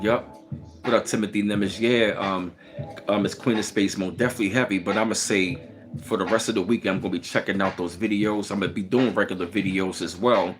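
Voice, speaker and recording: A relaxed man with a Baltimore accent and a fairly low voice, talking loosely on a live stream. He greets his chat one by one in an easy, unhurried way. Music plays clearly behind him. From Baltimore, Maryland.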